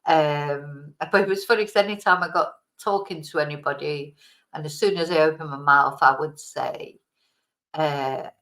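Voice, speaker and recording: A woman with a faded Manchester accent talks in a casual, rambling way, often stopping to correct herself. Her voice sits low for a woman. She laughs easily as she chats to her viewers. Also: fairly even intonation, moderate pace, a bit bright. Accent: Mancunian, softened. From Manchester, England. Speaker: vlogger. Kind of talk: casual chat. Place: home, lives in Spain.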